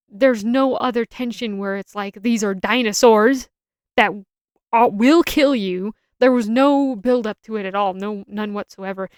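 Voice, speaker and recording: A woman's voice: medium pitch, smooth, no room sound, studio quality. A young adult woman giving a casual, opinionated film review, rambling and often restarting her sentences.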